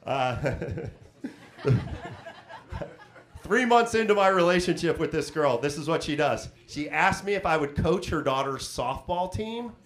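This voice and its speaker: A man's voice: fairly high pitch, expressive, a little slow, long pauses. A man hosting a stand-up comedy set on a club stage, telling self-mocking stories and chatting with the crowd through a handheld mic.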